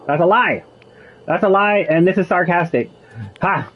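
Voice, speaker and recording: A man's voice: on the high side, lively intonation, a little slow, breathy edge. Wry young man playing a video game. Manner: wry, joking asides, muses aloud. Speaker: gamer. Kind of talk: let's play commentary. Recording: slightly muffled with faint game music.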